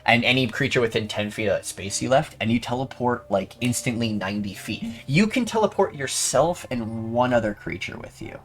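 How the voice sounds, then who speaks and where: A man runs a tabletop game, reading out rules in a friendly, mid-pitched voice. Soft music plays faintly behind him. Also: animated, fairly quick, hardly any pauses. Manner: reads item rules aloud, friendly sign-off. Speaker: game master.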